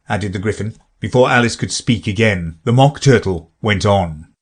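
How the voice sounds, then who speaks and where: A man narrating a classic children's story as an audiobook reader, with a slow, lively reading manner. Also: fairly low pitch, slightly rough.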